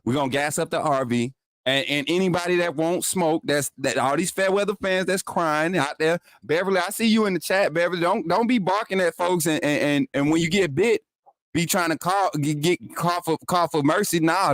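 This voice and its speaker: A man with a fairly high, fairly bright voice hosts a casual call-in sports show at a moderate pace. He trash-talks rivals and scolds his chat while laughing. The studio sound is clean with no echo.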